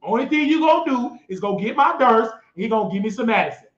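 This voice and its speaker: Brief: emphatic male host, high voice, repeats himself, tells stories loudly, dull lo-fi sound. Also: big pitch swings, quick pace. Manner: emphatic, repetitive, bursts into shouting. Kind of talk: animated storytelling monologue. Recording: echoey, dull lo-fi recording.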